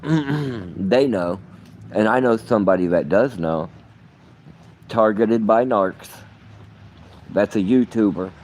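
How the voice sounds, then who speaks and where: Brief: low-pitched man, profane rambling vlogger, muttering then flaring up. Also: a little mellow. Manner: profane, rambling, swings between muttering and outbursts. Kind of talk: rambling vlog monologue.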